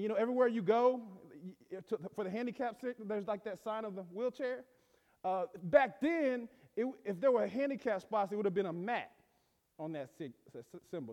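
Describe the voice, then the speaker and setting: A man's voice: high voice, darkish tone, big-room sound. A male pastor preaching a sermon emphatically, often stammering and restarting his phrases.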